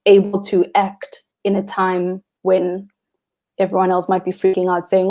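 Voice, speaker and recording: Guest spot: young South African woman, warm mellow tone, earnest and expressive about the ocean. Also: medium pitch, measured pace. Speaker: freediving instructor, guest. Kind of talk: live interview chat.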